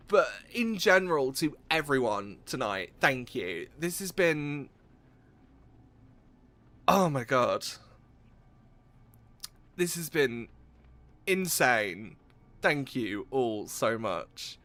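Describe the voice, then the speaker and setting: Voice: mid-range voice, sing-song, very slow, pauses often, a bit bright. A game streamer, talking live in an effusive, exclaiming way and swearing freely.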